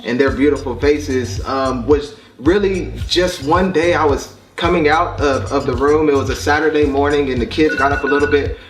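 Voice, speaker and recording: A man's voice: a little high, moderate pace, hardly any pauses. Earnest father talking in an echoey room. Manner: earnest, reflective, soft-spoken with frequent fillers. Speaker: vlog host and father. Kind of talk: heartfelt family vlog talk. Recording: roomy echo, distant mic, faint music.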